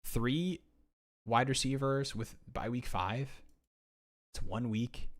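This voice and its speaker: A young man chatting casually on a live stream as he drafts fantasy football, excitable and rambling, often restarting his sentences. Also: mid-range voice, slow. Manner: excitable, rambling, self-interrupting.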